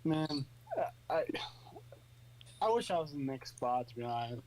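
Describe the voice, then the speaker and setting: A man's voice: mid-range voice, lively intonation, normal speed, a little mellow, slight background noise, rough recording. A man on a casual podcast who talks hesitantly, stumbling and restarting often.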